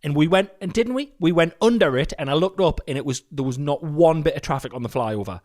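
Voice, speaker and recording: Bloke, 40s, podcast co-host, swears a lot, bouncy animated voice. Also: male voice, a little high, fast. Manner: swears freely, animated storytelling with mimicked voices. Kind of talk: casual chat.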